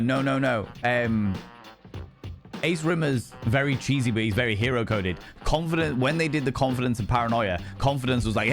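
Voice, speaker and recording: A young male streamer chatting casually over a game, excitable and sweary, rambling from one thought to the next. His voice sits in a middle range, with soft music playing faintly behind him. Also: mid-range voice.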